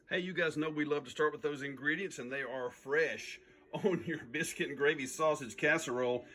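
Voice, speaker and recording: A man's voice: on the high side, moderate pace, bright, forceful tone, soft background music. Upbeat joking man hosting a cooking show. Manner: upbeat, jokey, chatty asides. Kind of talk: casual cooking demonstration.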